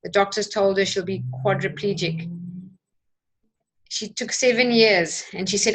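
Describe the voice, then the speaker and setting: A woman's voice: mid-range voice, measured pace, pauses often, rough recording. A woman hosting a motivational teaching talk, earnest and persuasive, building her point with emphatic repetition. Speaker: host.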